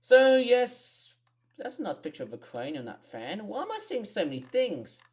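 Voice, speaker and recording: A woman's voice: mid-range voice, sing-song, moderate pace, a little mellow. A woman with an Australian accent, rambling through casual weather commentary on her own channel with lots of fillers and asides. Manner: rambling, thinking aloud with many fillers. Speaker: weather vlogger.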